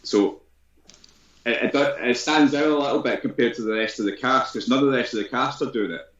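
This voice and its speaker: A man's voice: medium pitch, a little fast, a bit bright. A man giving a blunt, rambling film review on a casual podcast, full of swearing and restarts. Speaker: podcast co-host. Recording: roomy, dull lo-fi sound.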